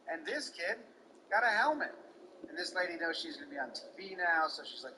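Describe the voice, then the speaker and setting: A man's voice: on the high side, expressive, brisk, sharp tone, a little hiss or hum, low-quality recording. A man giving casual, heated play-by-play of a baseball game, swearing and mocking an umpire. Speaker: baseball commentator.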